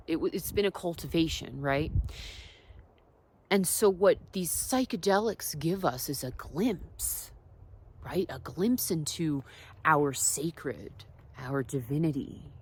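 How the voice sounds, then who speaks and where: A woman telling personal stories in a casual, reflective vlog. She drifts between soft asides and emphatic points. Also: sits low, slightly rough. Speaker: wellness vlogger.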